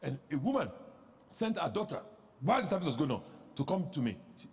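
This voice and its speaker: A man pastor preaching a sermon, animated, with rhetorical questions that rise into shouts. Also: on the high side, fast talker, big-room sound.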